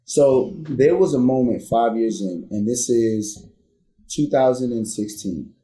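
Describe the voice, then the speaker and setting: A man's mid-range voice, a little slow and reverberant, carries his candid personal story as a podcast guest. Earnestly, he re-enacts heated arguments, building to loud, rising intensity.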